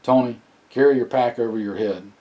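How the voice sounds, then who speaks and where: A man reading the part of a weary, capable soldier leading a family, calm and reassuring in an audiobook. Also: fairly quick, natural voice. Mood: steady. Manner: calm, low-key, reassuring.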